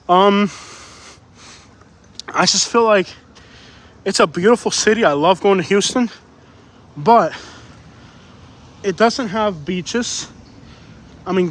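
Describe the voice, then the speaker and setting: A man's voice: sits high, fairly bright tone. A man live-streaming from a beach while walking, talking in an opinionated, emphatic way and getting out of breath. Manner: opinionated, emphatic, repeats himself. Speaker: livestream vlogger. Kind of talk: casual live-stream chat. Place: beach outdoors.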